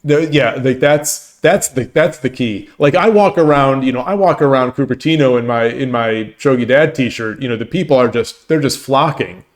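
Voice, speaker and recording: A man chats casually on his own stream in a loose, rambling way, often stopping to restart a thought. His pitch sits in the ordinary middle range for a man. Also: moderate pace, hardly any pauses. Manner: rambling, full of restarts and laughter. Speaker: streamer and host. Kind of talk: casual chat with stream viewers.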